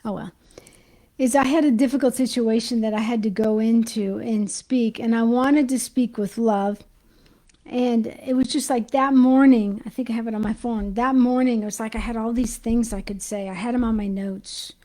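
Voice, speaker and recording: A woman giving an informal Christian teaching, talking excitedly and chatting to her viewers while she hunts for her notes. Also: fairly high pitch, normal speed, poor audio. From United States.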